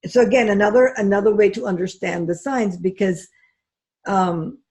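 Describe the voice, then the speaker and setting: A woman's voice: mid-range voice, normal speed, a little mellow. A woman astrology teacher lecturing in a live class, telling stories in a chatty way with many fillers.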